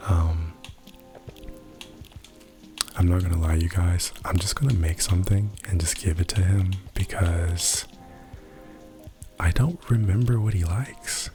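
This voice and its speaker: A man doing whispered role-play as an ASMR creator, soft-spoken, rambling and self-deprecating. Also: deep voice, steady tone, measured pace, long pauses, music in the background.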